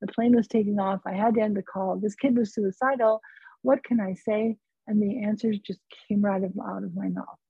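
A woman from California, a psychotherapist guest, telling a personal story in an earnest, unhurried way over a remote call. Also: mid-range voice, fairly even intonation, vocal fry, breathy edge, no echo. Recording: tinny phone-like line, dry.

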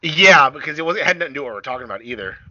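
A young man co-hosting a casual podcast, swearing freely and laughing through animated, crude stories. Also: on the high side, racing, lo-fi sound, a crowd in the background.

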